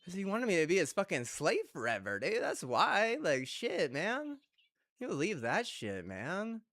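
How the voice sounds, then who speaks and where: A man's voice: high-pitched, huge pitch swings, unhurried, fairly bright tone. A man streaming a game, ranting heatedly and profanely, with repeated rhetorical questions. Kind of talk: ranting chat while gaming.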